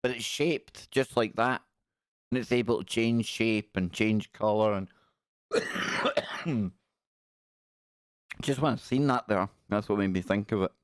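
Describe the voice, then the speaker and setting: A man's voice: lowish voice, takes it slowly, long pauses, no room sound, studio quality. A man hosting a live stream, chatting casually and joking as he reacts to pictures. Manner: jokey, reacting aloud to pictures with quips. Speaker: livestream host.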